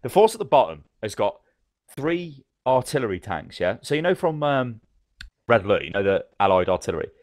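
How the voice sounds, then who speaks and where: A man co-hosting a podcast, telling game stories in a fast, animated, swearing manner. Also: mid-range voice, no room sound, studio quality. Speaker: podcast co-host. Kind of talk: casual gaming chat.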